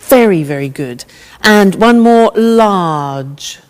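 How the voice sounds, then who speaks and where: A woman teacher leads a slow, deliberate grammar drill in a lowish voice. She is patient and encouraging, and her words ring in a roomy hall. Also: animated. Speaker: English teacher.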